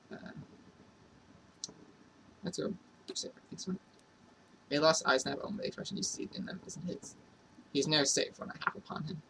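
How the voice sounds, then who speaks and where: A man's voice: on the high side, a little fast, long pauses, bright, forceful tone. A man playing through a role-playing game and reading its dialogue aloud. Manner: reads every character's lines himself. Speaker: let's play narrator. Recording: distant mic, noisy room.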